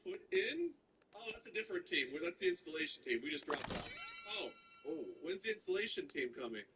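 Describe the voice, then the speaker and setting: Casual male storyteller, lively pitch, mimics others, noisy distant mic. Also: fairly quick. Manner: animated, mimics people he quotes. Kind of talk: casual chat.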